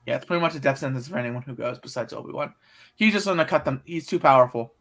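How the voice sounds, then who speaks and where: A man playing a tabletop game, talking in a halting, rambling way. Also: medium pitch, expressive, a bit bright. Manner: rambling, halting, lots of fillers. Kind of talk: casual tabletop role-play.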